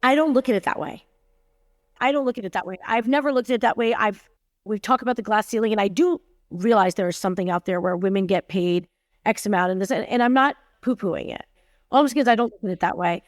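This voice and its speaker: A fast-talking woman with a mid-range voice, she's a tech company CEO in her forties guesting on a podcast. Her candid storytelling is emphatic, and she acts out the quoted dialogue. The sound is clean studio audio without echo.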